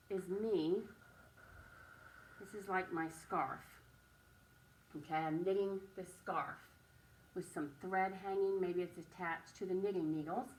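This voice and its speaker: A woman gives young children a writing and drawing lesson, speaking slowly and encouragingly and stressing every word. Her voice is on the low side and she is far from the mic.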